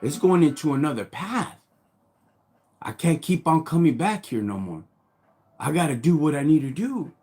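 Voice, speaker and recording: Husky and fairly high-pitched, this livestream host speaks in a sing-song way at a moderate pace with long pauses. Telling a story from his past in heavy street slang, he gets fired up and loud as he goes.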